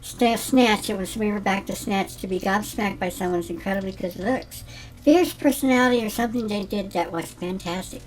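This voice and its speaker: A man's voice: sits high, normal speed, lightly acted. Janis Simpleton, a ditzy rambling lady, as a man plays her. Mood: airy rambling. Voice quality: rambling, scatterbrained, giggly. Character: ditzy, self-absorbed middle-aged woman teacher. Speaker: comedy character host. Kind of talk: scripted character comedy monologue.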